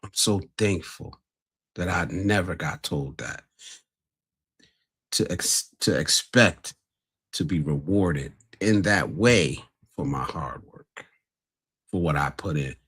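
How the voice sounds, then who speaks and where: A man's voice: low-pitched, slow pace, long pauses, a bit bright, slightly rough. A man hosting a casual livestream, talking bluntly and earnestly to his viewers. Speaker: livestream host.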